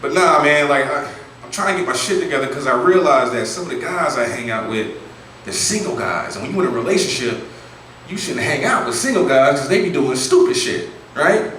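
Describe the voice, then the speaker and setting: A man's voice: fairly high pitch, lively intonation, a little fast, a bit bright. A man doing a stand-up comedy set, telling a profane, slangy story and acting out his friends' voices. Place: comedy club stage. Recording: echoey room from far off, noisy.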